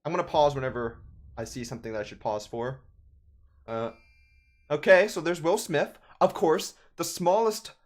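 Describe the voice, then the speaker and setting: A man's voice: mid-range voice, animated, normal speed, long pauses. A young man in his twenties, a gaming YouTuber, ranting in casual, sarcastic commentary.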